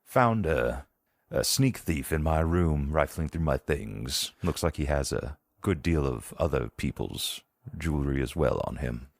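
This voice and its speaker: A man voicing a stern, gruff grown man who talks in a scolding, menacing way in a tabletop game. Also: extremely low pitch, expressive, a little slow, no room sound, studio quality, exaggerated voice. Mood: curt.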